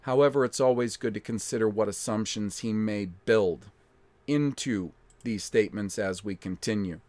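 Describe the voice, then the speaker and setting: A man's voice: lowish voice, moderate pace, darkish tone, no echo. A man hosting a casual live-stream lecture, thinking aloud in a blunt, emphatic way with mild swearing and frequent restarts.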